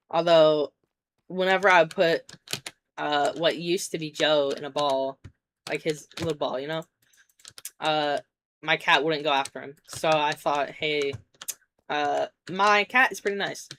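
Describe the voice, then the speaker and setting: A woman's voice: low-pitched, a little slow, long pauses, fairly bright tone, slight background noise. A woman streamer casually telling a rambling story while gaming, swearing and tossing in jokey asides. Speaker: game streamer. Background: keyboard typing and clicks.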